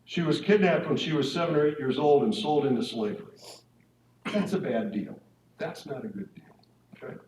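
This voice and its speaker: A man's voice: a little high, moderate pace, a little mellow, slight background noise. Man giving an informal talk in an echoey room. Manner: informal, checks in with listeners with tag questions. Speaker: speaker at a parish marriage evening. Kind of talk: conversational faith talk to couples. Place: church hall or meeting room. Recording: echoey room, mic at a distance.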